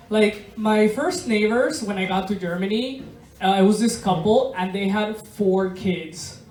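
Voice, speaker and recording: A woman from Venezuela performs stand-up to a live crowd, talking at an unhurried pace with a deadpan, laughing delivery. Her voice sits at an ordinary pitch and comes from some way off the mic, in an echoey room. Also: far from the mic, slight background noise. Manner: slow, laughing deadpan storytelling with swearing. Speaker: stand-up comedian. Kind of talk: stand-up comedy set. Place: large room of a bar, live audience.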